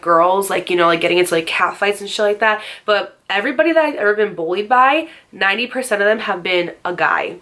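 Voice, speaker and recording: A woman in her twenties telling a personal story to her viewers in a casual vlog, chatty and full of "like" fillers and animated asides. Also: mid-range voice. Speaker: YouTube storyteller.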